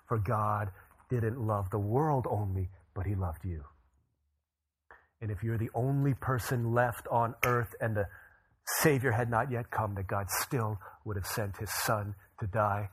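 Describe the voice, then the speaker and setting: A man in his thirties delivering a sermon, weaving in casual personal stories. His voice is slightly husky and sits at an ordinary middle pitch. He talks with easy, everyday phrasing and small restarts. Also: a bit bright. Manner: conversational storytelling, frequent fillers and restarts. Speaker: pastor.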